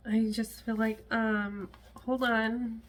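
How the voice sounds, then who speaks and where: A woman's voice: on the high side, little pitch movement, slow pace. Chatty woman stitching vlogger. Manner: chatty and rambling, with frequent laughs and asides. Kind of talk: casual chat to camera. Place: at home.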